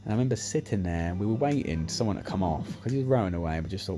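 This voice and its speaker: A man telling sweary, animated anecdotes while playing a slot machine, acting out what people said. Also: low-pitched, rapid-fire, hardly any pauses. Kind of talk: casual storytelling over gameplay. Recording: music playing behind the voice.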